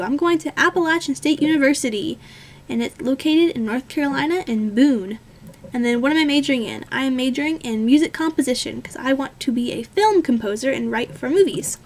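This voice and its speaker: A woman of twenty answering viewer questions in a casual, rambling chat, full of ums and self-corrections, easygoing and self-deprecating. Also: high voice. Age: 20s.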